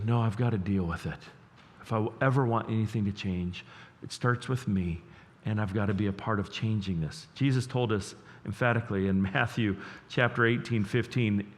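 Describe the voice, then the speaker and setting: A man preaching a sermon as pastor, earnest and emotional, dropping to a hush and then rising loud, repeating words as he builds up. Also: fairly low pitch. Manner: earnest, emotional, swings between hushed and loud. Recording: long reverb of a large hall.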